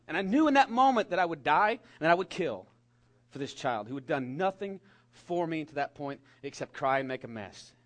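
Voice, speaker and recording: A middle-aged man preaching a sermon to young people, animated and emphatic, dropping at times to a soft whisper. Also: medium pitch. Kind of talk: sermon to a youth congregation.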